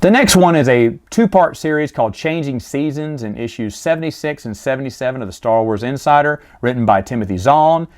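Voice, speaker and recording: Guy rambling through a story recap, cracks jokes, gets fed up with the plot, mid-pitched voice. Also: animated, fairly quick, few pauses. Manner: rambling, jokey, exasperated asides. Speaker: host reviewing stories. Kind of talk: casual review monologue.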